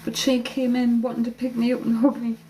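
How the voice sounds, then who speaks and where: A woman working as a psychic medium on a live stream, tearful and emotional, talking in halting phrases broken by sighs. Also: on the high side, completely flat delivery, dark tone, slight background noise, low-quality recording. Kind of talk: live-stream spirit reading. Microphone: phone or webcam on a live stream.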